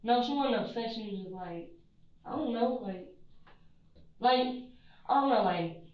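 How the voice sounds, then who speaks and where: A young woman being questioned by police, rambling with lots of "you know" and "like" and trailing off quietly at the ends of her lines. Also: a little high, lively intonation, a little slow. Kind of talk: police interview recording. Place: police interview room. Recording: echoey distant muffled interview-room mic.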